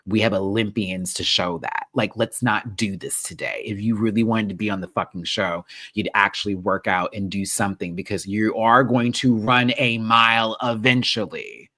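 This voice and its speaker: A man hosting a reality TV recap show, ranting in a sassy, animated way and swearing freely. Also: lowish voice, normal speed, hardly any pauses.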